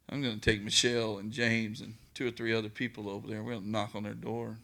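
A man with a lowish, creaky, fairly bright voice preaches fast and level, with few pauses, in a recording with no room sound. Telling a personal story in an informal sermon, he's folksy and earnest, often repeating words and restarting.

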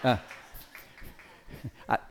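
A man preaching a live sermon before an audience, folksy and emphatic, switching between loud calls and quiet asides and giving brisk commands to a dog. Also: a little hiss or hum.

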